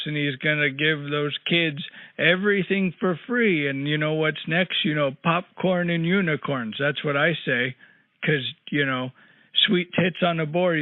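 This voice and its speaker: In character as a crotchety caller wed for sixty years, an older man rambles and grouses through a prank call, tossing in crude asides. His natural voice runs a bit high. The tinny phone audio is dry, with no room sound.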